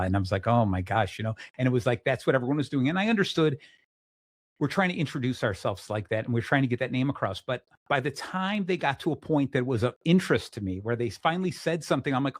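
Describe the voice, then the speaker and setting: A middle-aged man hosting a casual interview show, energetic and full of restarts, acting out the people he quotes. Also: mid-range voice, fast, dry recording, studio quality. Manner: restarts often. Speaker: podcast host.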